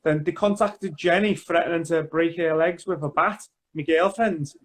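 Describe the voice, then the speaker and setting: A man's voice: on the high side, moderate pace. A man with a Scouse accent, a guest in a casual interview chat, telling his story in a plain-spoken way and often repeating himself.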